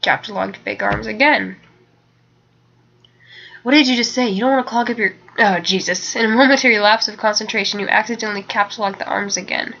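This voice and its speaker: A woman's voice: medium pitch, a little fast, vocal fry, bright, forceful tone. A young woman reading a webcomic aloud in a casual way. She is sleepy, keeps yawning, and trips over words she is unsure of. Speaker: webcomic reader. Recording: dull lo-fi home mic.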